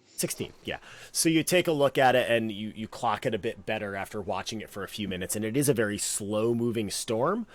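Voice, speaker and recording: A man narrating as game master of a tabletop game, relaxed and meandering, with many fillers. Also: on the low side, brisk.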